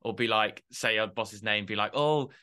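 A man's voice: fairly low pitch, flat delivery, normal speed, pushed and bright. A young man co-hosting a podcast, rambling and self-deprecating in casual chat. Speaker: podcast co-host.

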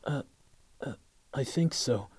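A man's voice: a little high, normal speed, darkish tone, slightly rough, voice pushed up. A man voicing a frightened young woman who stammers and hesitates in a storybook reading. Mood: anxious.

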